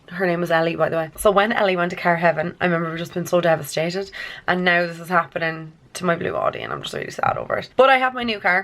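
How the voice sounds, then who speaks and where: A woman's voice: on the low side, a bit bright. A woman in her twenties, a vlogger chatting casually to camera, rambling and filling her talk with "like". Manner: chatty, rambling, says "like" a lot.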